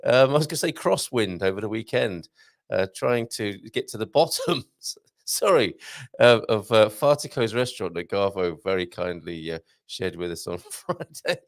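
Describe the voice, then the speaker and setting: A man's voice: fairly low pitch, moderate pace, no echo, clean studio sound. A man hosting a live show in a casual, jokey way, reading out viewer comments and adding chatty asides. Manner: chatty, jokey, reads messages aloud with asides.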